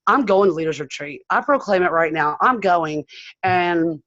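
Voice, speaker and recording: A woman's voice: lowish voice, animated, normal speed, a bit bright, no room sound. Bubbly woman gushing on a video call. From San Diego. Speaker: team member sharing convention recap. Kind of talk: excited casual chat on a video call. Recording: dull, dry video call audio.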